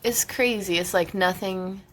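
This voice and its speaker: A young woman with a medium-pitched voice vlogs from home in a very noisy recording, speaking unhurriedly. She coos gushing baby talk to her infant, giggling often, between casual chat with her viewers.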